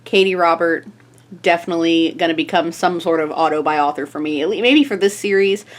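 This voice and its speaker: A young woman talks about her reading in a casual vlog, chatty and upbeat. Her voice sits a little low for a woman. She fills her talk with small laughs and fillers. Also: brisk. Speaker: book vlogger.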